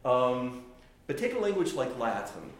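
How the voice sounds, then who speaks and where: A man's voice: medium pitch, big pitch swings. A man teaching a class on chant, explaining step by step with frequent restarts and sung or spoken examples. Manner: explanatory, halting with restarts, demonstrates phrases by singing and speaking. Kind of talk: classroom lecture. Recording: very echoey room with faint noise.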